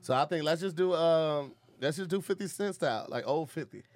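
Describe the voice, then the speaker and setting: A man's voice: a little high, expressive, fairly quick, slight background noise. A man co-hosting a podcast, chatting casually in laid-back, profane slang. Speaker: podcast co-host. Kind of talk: casual chat.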